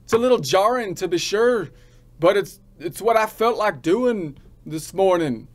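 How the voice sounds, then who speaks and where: A man's voice: sits high, lively intonation, unhurried. A man putting on an Irish accent to voice a small, indignant halfling. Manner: huffy, defiant.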